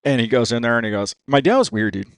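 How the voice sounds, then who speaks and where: Fast-talking, profane storyteller man. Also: medium pitch, smooth, no echo, studio quality. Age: 50s. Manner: profane and animated, says "dude" constantly. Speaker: podcast guest, racer. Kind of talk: casual storytelling.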